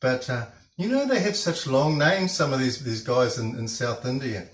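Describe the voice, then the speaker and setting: A man tells a rambling story while he cooks, full of hesitations and restarts. His voice sits at a middle pitch and rings around an echoey home kitchen. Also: expressive, normal speed. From New Zealand. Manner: chatty, hesitant, many fillers and restarts. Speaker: cooking show host.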